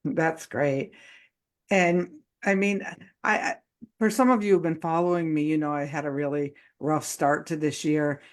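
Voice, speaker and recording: A woman's voice: low-pitched, fairly even intonation, measured pace. A woman hosting a casual live online chat, talking loosely with many fillers and frequent laughs. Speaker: host.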